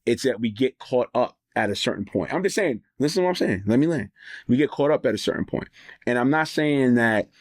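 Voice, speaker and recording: A man hosting a podcast interview, calm and measured, stopping to search for his words. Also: mid-range voice, dry recording, studio quality. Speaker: podcast host. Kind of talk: conversational interview.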